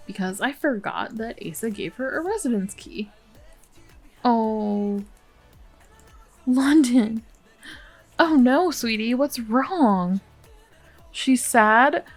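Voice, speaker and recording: A woman hosting a game let's play, commenting casually and sympathetically, with many fillers. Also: mid-range voice.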